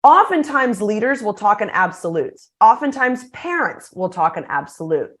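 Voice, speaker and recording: A middle-aged woman, a guest speaker on a podcast interview, explaining her ideas in an energetic, animated way. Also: mid-range voice, normal speed.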